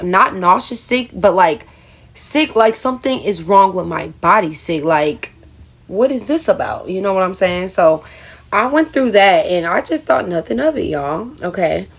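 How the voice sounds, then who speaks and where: A woman's voice: medium pitch, breathy edge. A young adult woman telling a personal story in a casual vlog, chatty and self-mocking, often calling her viewers y'all. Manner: chatty, addresses viewers as y'all, laughs at herself. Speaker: storyteller vlogger.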